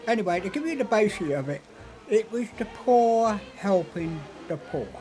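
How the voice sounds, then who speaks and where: Chatty older Cockney man, lively pitch. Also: normal speed, soft background music. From London, England. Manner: chatty, cheeky, flirtatious. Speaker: interviewee. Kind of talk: casual storytelling.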